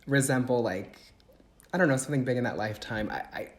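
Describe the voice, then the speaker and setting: A man's voice: medium pitch, quick pace. A young man, an acting student, chatting eagerly on a video call with a rambling manner full of "like". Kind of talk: casual chat on a video call.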